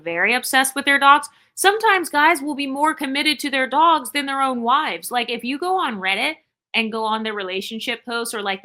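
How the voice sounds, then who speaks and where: Woman host, bright tone, sarcastic opinion rant to camera. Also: medium pitch. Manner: sarcastic, ranting. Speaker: channel host.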